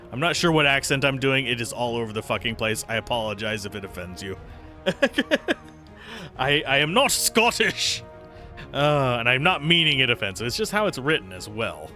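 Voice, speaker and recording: Bright, animated man playing a game. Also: medium pitch, normal speed, soft background music. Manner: reads on-screen game text aloud, swears casually. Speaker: let's play streamer. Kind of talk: casual gameplay commentary.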